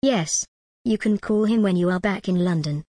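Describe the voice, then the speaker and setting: A woman voicing a calm, commanding jinn spirit in an audiobook, measured and formal. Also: mid-range voice, dry recording, clean studio sound, close to an everyday voice.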